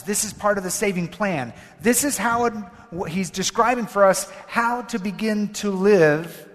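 A man giving a sermon-style talk to a live audience as a Catholic speaker, telling stories with animation and raising his voice for quotes. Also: high voice. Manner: animated storytelling, switches to raised emphatic voice for quotes. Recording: long reverb of a large hall.

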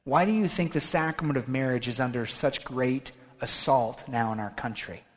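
A man's voice: medium pitch, moderate pace. A man giving a sermon-style talk to a live audience as a Catholic speaker, telling stories with animation and raising his voice for quotes. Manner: animated storytelling, switches to raised emphatic voice for quotes. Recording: long reverb of a large hall.

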